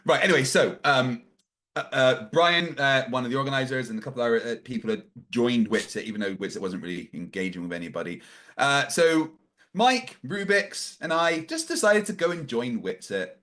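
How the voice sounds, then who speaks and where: A man hosting a casual talk show, telling a story with lively voices for the people he quotes. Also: mid-range voice, normal speed. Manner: animated, acts out quoted voices. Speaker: podcast host.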